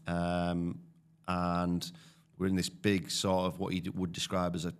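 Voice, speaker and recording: Low-voiced bloke from the northeast, chatty podcast guest spinning a yarn, says mate a lot. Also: male voice, monotone, measured pace, clear, resonant tone. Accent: northeast English. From northeast England. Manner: chatty, tells anecdotes with lots of "mate" and restarts. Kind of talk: casual storytelling.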